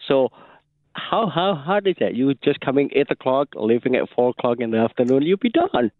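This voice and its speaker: A man calling in to a radio show, talking haltingly and repeating names. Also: mid-range voice, big pitch swings, dry recording, phone-quality sound. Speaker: caller. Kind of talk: call-in radio.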